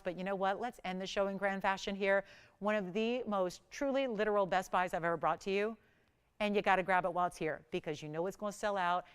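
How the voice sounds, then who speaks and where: A woman's voice: medium pitch, a bit bright, clear, resonant tone. A middle-aged woman hosting live jewelry sales on a shopping channel, pushing urgent countdown price reveals.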